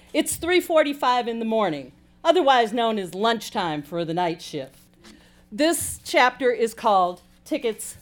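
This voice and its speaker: A woman from Chicago, an author reading a chapter of her own fiction aloud with a playful, animated manner. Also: a little high.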